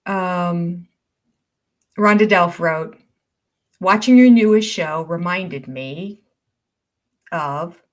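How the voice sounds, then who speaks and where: A woman's voice: lowish voice, very slow, long pauses. An older woman hosting a casual livestream, reading viewer comments aloud and often laughing as she goes. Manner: chatty, warm-hearted and easily amused.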